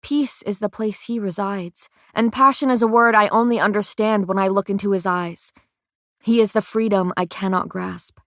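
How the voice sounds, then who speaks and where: A woman narrating a first-person fantasy audiobook in a measured, expressive way, recorded on a close studio mic. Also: medium pitch, no echo.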